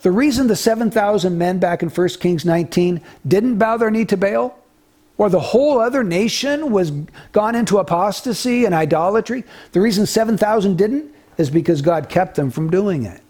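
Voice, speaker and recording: A man's voice: high-pitched, normal speed, darkish tone. A man preaching an expository sermon, retelling a story in an earnest way with small restarts.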